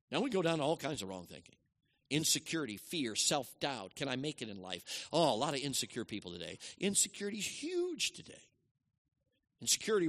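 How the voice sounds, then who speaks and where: A middle-aged man delivers a sermon with a very animated voice that rises and falls across a wide range. He leans hard on key lines, then drops into quiet, hushed asides. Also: medium pitch. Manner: dynamic preaching, swinging from loud emphasis to hushed asides. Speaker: preacher.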